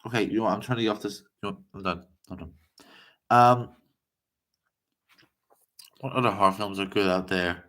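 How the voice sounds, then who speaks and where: A man from the United States chatting casually to viewers on a live stream, rambling and excitable. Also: lowish voice, moderate pace, long pauses.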